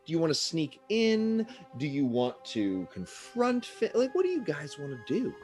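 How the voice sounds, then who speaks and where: Lively man running a tabletop game. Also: a little high, moderate pace, soft background music. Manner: animated, chatty narration with playful asides. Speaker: game master.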